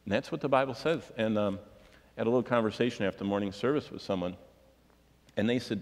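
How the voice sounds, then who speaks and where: A man's voice: lowish voice, quick pace, big-room sound. A man preaching a sermon, reading scripture and pressing his points with rhetorical questions. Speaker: pastor.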